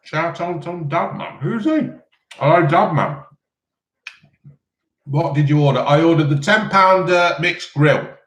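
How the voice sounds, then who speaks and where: A man rambles through a live chat between mouthfuls, with lots of ums. His voice sits a little high for a man. The room rings with a noticeable echo. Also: unhurried, long pauses, a bit bright. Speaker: live-stream host answering chat. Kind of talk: casual live chat while eating. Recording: roomy echo.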